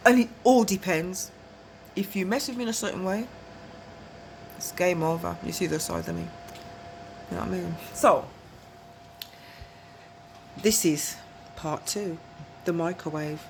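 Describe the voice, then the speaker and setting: A woman's voice: lowish voice, measured pace, creaky, pauses often, slight background noise. A woman tells a long, rambling story to camera, often asking whether you follow and laughing between phrases. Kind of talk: casual storytelling monologue.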